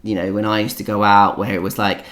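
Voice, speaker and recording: A man's voice: fairly low pitch, level tone, fast talker, fairly bright tone. Chatty young Cockney man ranting. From England. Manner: chatty, ranting, lots of likes and restarts. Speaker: podcast co-host. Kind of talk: casual chat.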